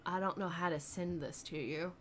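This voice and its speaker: A woman's voice: fairly low pitch, steady tone, normal speed, a little hiss or hum. A young woman streaming a game, rambling, giggling often and answering her chat. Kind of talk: casual live-stream chat while gaming.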